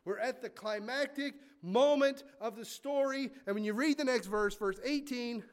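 Animated high-voiced male preacher. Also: moderate pace, clear, resonant tone. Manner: animated, swings from loud emphasis to quiet, hushed asides; reads scripture aloud, interjects casual asides. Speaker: pastor. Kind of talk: sermon.

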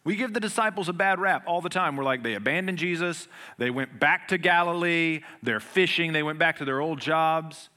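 A male pastor delivers a sermon in a bright, forceful voice that sits a little high. He is earnest and conversational with touches of humor. He swings from loud, emphatic passages to quiet, hushed ones. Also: moderate pace.

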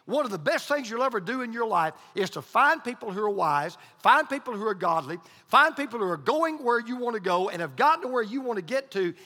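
A man's voice: sits high, bright, forceful tone. A male pastor preaching a sermon, emphatic and repeating his key points. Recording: long hall reverb.

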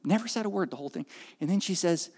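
Male preacher, fairly high voice, animated storyteller, long hall reverb. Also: fast, slightly rough. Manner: animated, acts out quoted voices, swings from loud to hushed. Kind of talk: sermon storytelling.

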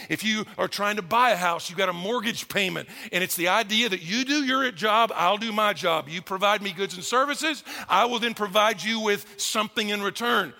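A middle-aged man preaching a sermon as pastor, animated and acting out quoted voices. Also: high voice, vocal fry, long reverb tail.

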